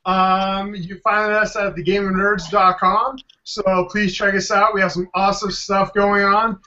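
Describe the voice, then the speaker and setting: Guy hosting a chatty podcast, high and really bright voice, lots of ums, kinda muffled lo-fi sound. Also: level tone, a little slow, slight background noise. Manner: rambling, many "um" fillers. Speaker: podcast host. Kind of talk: casual panel chat. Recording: dull lo-fi sound.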